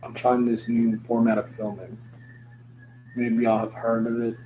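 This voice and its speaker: A man's voice: mid-range voice, level tone, a little slow, warm tone, rough recording. A young man rambling through a joking, slangy, stream-of-consciousness vlog with loose swearing. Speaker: vlogger. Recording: noticeable background hum.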